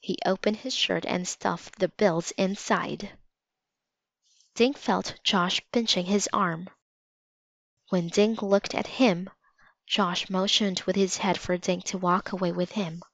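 A woman narrating a children's storybook aloud in a calm, measured way. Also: mid-range voice, no echo. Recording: slightly dull lo-fi recording.

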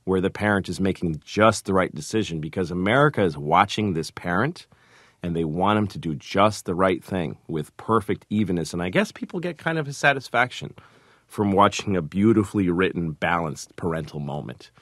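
Deep-voiced man telling stories in an interview. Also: expressive, a bit bright, no room sound, clean studio sound. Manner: halting, self-deprecating, acts out quotes. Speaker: comedian and sitcom creator. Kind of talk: interview storytelling.

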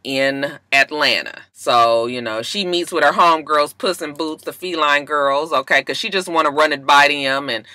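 A gossipy reality TV recapper talks fast and loose, swearing freely. The voice is bright and forceful, recorded close and dry with no room sound. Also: dry recording. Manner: sassy, profane, gossipy, acts out quotes in loud high voices. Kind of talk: casual TV recap vlog.

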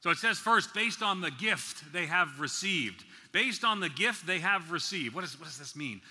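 A man from the New York City area preaching at a conference, slowing down to stress key words and dropping in playful asides. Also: sits high, expressive, bright, forceful tone, husky. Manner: slow deliberate emphasis, playful asides. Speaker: conference speaker. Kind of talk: sermon. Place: large conference hall. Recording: reverberant hall.

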